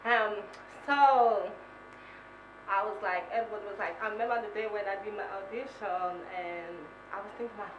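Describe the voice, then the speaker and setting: Low-key flat-voiced woman, echoey and distant. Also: moderate pace, highs cut off. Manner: flat low-key voice with sudden high squeals. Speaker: reality show contestant. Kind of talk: self-introduction speech. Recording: echoey room from far off, noisy.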